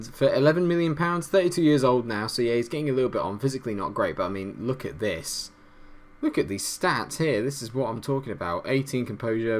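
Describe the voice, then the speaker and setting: A young man with a lowish voice talks over his football management game in a casual let's-play. He reacts loudly, swearing at missed chances and chatting through his plans. A faint hum sits under the voice. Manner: excitable, swearing, frustrated outbursts. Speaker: gaming YouTuber.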